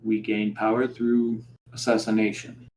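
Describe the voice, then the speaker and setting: A man voicing a haughty, menacing male drow nobleman who speaks low, quiet and superior. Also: monotone, measured pace, a little hiss or hum, lightly acted, rough recording. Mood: cold, proud.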